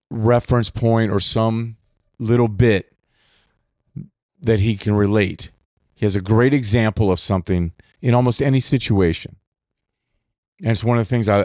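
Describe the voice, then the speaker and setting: A man's voice: lowish voice, a little mellow, dry recording, clean studio sound. Candid, profane man hosting a podcast. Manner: candid, profane, rambling with restarts. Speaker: podcast host. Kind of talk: solo reflective podcast monologue.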